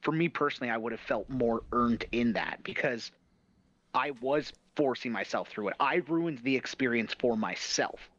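A man's voice: mid-range voice, normal speed, fairly bright tone, dry recording. A man co-hosting a podcast, telling stories animatedly in casual review chat and swearing freely. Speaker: podcast co-host. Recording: slightly dull, dry sound.

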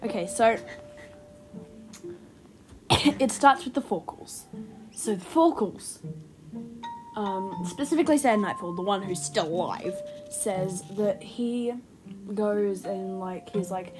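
A young woman hosting an unscripted fan-theory podcast, excitable and rambling, who speeds up when excited. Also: medium pitch, slow pace, long pauses. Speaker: podcast host. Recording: music playing behind the voice.

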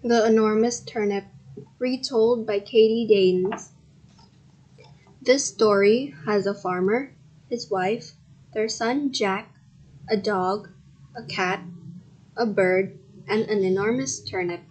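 A woman reads a children's picture book aloud at a slow, careful pace. Her voice is soft and breathy, and she hosts a podcast for kids. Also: mid-range voice, fairly even intonation, poor audio. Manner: slow, careful reading with bursts of loud sound effects. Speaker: podcast host and story reader. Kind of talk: reading a children's story aloud.

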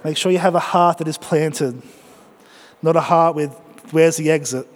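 A man preaching a sermon as pastor, energetic and joking as he exhorts the congregation in church. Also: a little high, moderate pace, big-room sound.

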